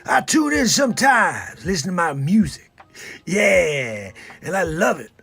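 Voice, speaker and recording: Man doing an explosive film star impression; gravelly, bright, shouty. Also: high voice, very animated, a little slow, heavily acted. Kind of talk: comedic celebrity impression.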